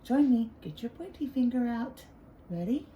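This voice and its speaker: A woman who teaches preschool, leading circle time with young children in a slow, encouraging singsong. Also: on the high side, big pitch swings, dark tone, slight background noise, rough recording.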